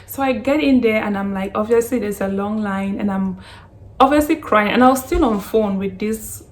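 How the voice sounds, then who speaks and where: A woman's voice: medium pitch, moderate pace. Young woman telling a story on her vlog. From Canada. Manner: lively retelling full of "like" and acted quotes. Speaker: vlogger.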